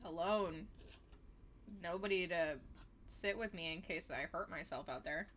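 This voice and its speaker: A woman's voice: fairly low pitch, unhurried, long pauses, a bit bright, slight background noise. A woman livestreaming a game, talking sarcastically and swearing freely while eating. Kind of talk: gameplay livestream commentary.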